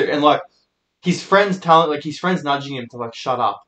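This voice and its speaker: Young aussie guy rambling sweary stories, kinda higher voice, echoey room. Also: normal speed, fairly bright tone. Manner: rambling, sweary, laid-back anecdotes. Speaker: host. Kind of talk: casual storytelling monologue.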